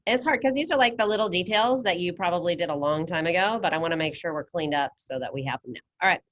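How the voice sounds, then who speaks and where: A woman with a lowish, somewhat bright voice speaks fast as she teaches Spanish in an online class. Using a computer mic on a video call, she explains things step by step, patient and encouraging.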